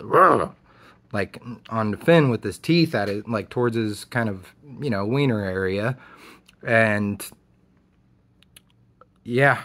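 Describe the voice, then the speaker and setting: A man's voice: lowish voice, fairly bright tone. A man vlogging, telling a story in a casual, blunt way and swearing freely.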